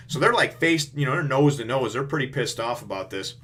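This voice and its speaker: A man's voice: mid-range voice, lively intonation, brisk, few pauses, fairly bright tone, breathy edge. A man reviewing a comic chapter in casual, rambling commentary, full of restarts and "you know".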